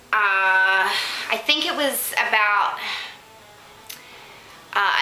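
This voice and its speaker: A woman's voice: mid-range voice, bright, forceful tone, reverberant, a little hiss or hum, poor audio. A woman vlogging unscripted from her condo, rambling with lots of ums and laughs. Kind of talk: unscripted casual chat to camera.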